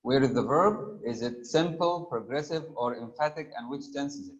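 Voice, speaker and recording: A man's voice: mid-range voice, moderate pace, highs cut off. A man teaching a grammar lesson over an online call, patiently quizzing students and repeating their answers back to them. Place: remote video call.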